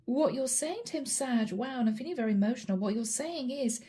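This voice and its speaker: Mellow-voiced woman doing a chatty tarot reading. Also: high voice, animated, a little fast, few pauses, breathy edge. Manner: chatty, addresses viewer directly, names cards as she draws. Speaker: tarot reader.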